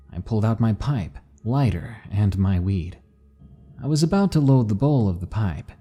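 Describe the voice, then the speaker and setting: A man narrating scary stories in a measured, dramatic reading style. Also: fairly low pitch, mellow, husky. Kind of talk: scripted horror narration.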